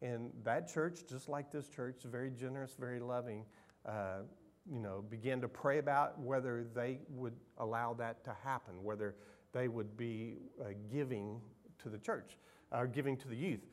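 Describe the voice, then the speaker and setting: Emotional pastor preaching. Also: male voice, mid-range voice, moderate pace. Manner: emotional, conversational storytelling with fillers. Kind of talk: sermon.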